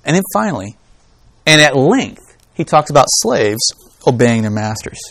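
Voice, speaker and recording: A man's voice: mid-range voice, sing-song, normal speed, vocal fry, fairly bright tone, no echo. A man teaching a Bible study class in a conversational, emphatic lecture style, with rhetorical questions. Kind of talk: informal lecture.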